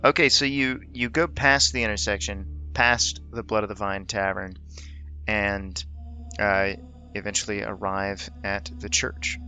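A man narrating a tabletop role-playing game as game master, describing scenes vividly and pausing often with uh and um. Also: fairly low pitch, fairly even intonation, pushed and bright, soft background music. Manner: descriptive, laughs easily, fills pauses with uh and um.

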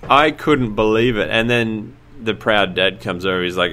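A man co-hosting a podcast, telling a story in animated casual chat and laughing often. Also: lowish voice, normal speed, hardly any pauses, a little hiss or hum. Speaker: podcast co-host.

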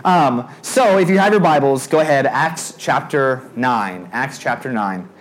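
Animated young male youth pastor. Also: medium pitch, a little slow. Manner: animated, acts out his own panicked voice. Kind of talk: storytelling sermon.

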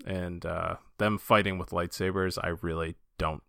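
A man's voice: sits low, fairly even intonation, moderate pace, gravelly, a bit bright, clean tone, dry recording, clean studio sound. A man co-hosting a casual fan podcast, enthusiastic and loose, with lots of fillers and restarts. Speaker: podcast co-host.

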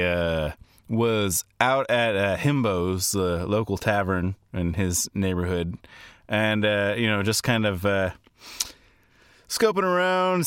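A man's voice: fairly low pitch, fairly bright tone, clean tone, dry recording, studio quality. A man playing a tabletop game, rambling through his character's description with many fillers. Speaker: player. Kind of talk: casual chat, describing a character.

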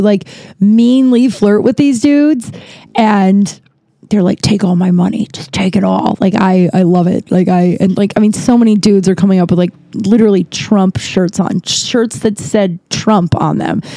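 A young woman hosting a podcast tells rambling stories in a casual chat, full of fillers like "like" and plenty of swearing. Her medium-pitched voice is mellow, with no room sound.

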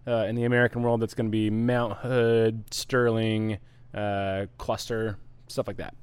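Guy with a smooth clear voice, dry close sound, easygoing beer stream chat. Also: lowish voice, flat delivery, a little slow, dry recording. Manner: easygoing, explanatory, reads viewer comments. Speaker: co-host of a live homebrewing stream. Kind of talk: casual live-stream chat.

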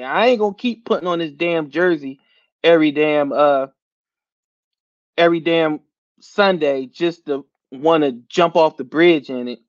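High-voiced man ranting about football. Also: dry recording, dull audio. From Philadelphia area. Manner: animated, laughing, slangy and profane. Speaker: podcast host. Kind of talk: casual sports rant.

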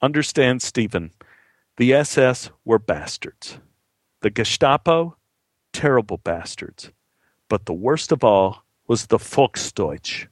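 A man voicing a blunt, gruff old man who swears casually as he recalls hard times. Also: mid-range voice, big pitch swings, takes it slowly, no room sound. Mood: reminiscing.

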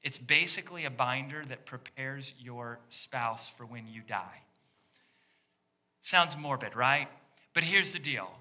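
Male pastor, very bright ringing tone, lively sermon delivery that sinks to a hush for emphasis, speaks to the congregation directly. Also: mid-range voice, takes it slowly. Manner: animated, dropping to a hushed near-whisper for emphasis.

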